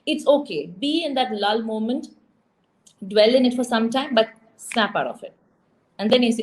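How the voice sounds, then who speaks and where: A young TV presenter from India, appearing as an interview guest, tells her story in an animated, emotional way and acts out quoted dialogue. Her voice is on the high side at a moderate pace, and the recording is rough.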